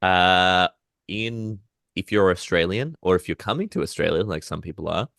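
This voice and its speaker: A man playing in the game who chats casually, hesitant with many ums and quick laughs. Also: deep voice, lively intonation, creaky, a bit bright, no room sound, clean studio sound. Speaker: player and content creator. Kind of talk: casual chat.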